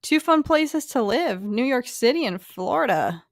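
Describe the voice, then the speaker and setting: A woman's voice: fairly high pitch, a little slow, no room sound. Chatty young woman, dry close sound. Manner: chatty, animated, filler-heavy. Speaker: streamer answering chat. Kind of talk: casual chat.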